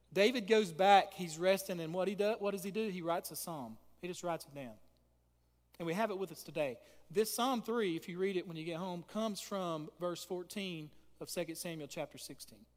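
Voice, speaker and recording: High-voiced preacher in a reverberant hall. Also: male voice, moderate pace. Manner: impassioned preaching, reads scripture aloud, asks the congregation questions. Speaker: pastor. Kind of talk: sermon.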